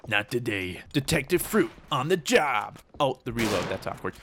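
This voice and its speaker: Young-sounding gaming host, mid pitch, very lively delivery, teasing and mock-serious. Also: male voice, normal speed, creaky, slight background noise. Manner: mock-serious war narration broken by excited outbursts; jokey, teasing. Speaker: gaming YouTuber. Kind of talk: gameplay commentary.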